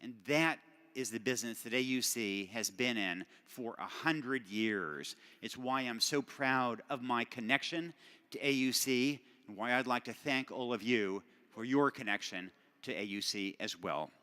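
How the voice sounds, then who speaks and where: A man's voice: mid-range voice, a little slow, bright, forceful tone. Man speaking in a reverberant hall. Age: middle-aged. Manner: conversational, self-deprecating with frequent fillers and restarts. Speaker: award recipient giving a speech. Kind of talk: formal acceptance speech. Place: large banquet hall at a benefit dinner.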